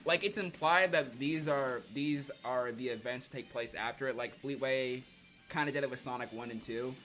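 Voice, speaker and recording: Joking young male streamer, bright voice. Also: mid-range voice, moderate pace, faint music behind. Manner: rambling, joking, laughs often. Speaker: streamer reading comics. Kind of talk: casual livestream commentary.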